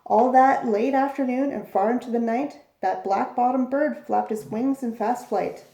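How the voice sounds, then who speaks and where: A woman reads a rhyming picture book aloud at bedtime, keeping a steady rhythmic cadence. Her voice is mellow with a gravelly edge, and the room adds a noticeable echo. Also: on the high side, moderate pace. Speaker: storyteller. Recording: echoey room.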